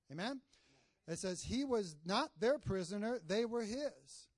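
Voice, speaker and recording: High-voiced preacher calling for amens. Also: male voice, lively intonation, a little slow, dry recording. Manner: call-and-response, asks the congregation for amens; tells jokes and stories mid-sermon. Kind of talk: sermon.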